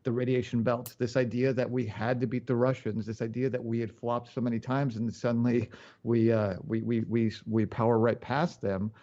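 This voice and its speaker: A man's voice: medium pitch, little pitch movement, normal speed, warm tone, muffled recording. A man who is a podcast guest, chatting casually and thinking aloud, repeating and stumbling over his words. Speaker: podcast guest, tech expert. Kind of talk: casual chat.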